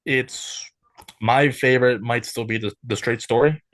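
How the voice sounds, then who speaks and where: A man appearing as a guest on a movie podcast, speaking in a halting way and restarting his sentences often. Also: mid-range voice, steady tone, fairly bright tone, no room sound. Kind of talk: casual movie chat.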